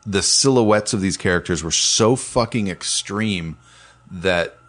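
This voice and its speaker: A man with a fairly low voice chats casually about animated films, swearing freely and tripping over his own restarts. His delivery is loose and enthusiastic. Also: a little slow. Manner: profane, enthusiastic, rambling with restarts. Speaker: animation producer, podcast co-host. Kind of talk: casual chat.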